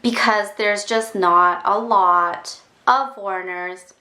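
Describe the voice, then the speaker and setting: A young woman from Canada telling a casual storytime rant to camera, chatty and quick to act out other people's reactions. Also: pushed and bright, roomy sound. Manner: chatty, acts out quoted reactions in a higher voice. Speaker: vlogger.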